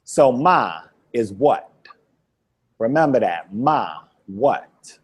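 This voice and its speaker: A man's voice: medium pitch, very animated, slightly rough. A man teaching a Hebrew vocabulary lesson, quizzing a student, repeating each word and laughing often. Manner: repeats words slowly for drilling. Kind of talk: classroom lesson.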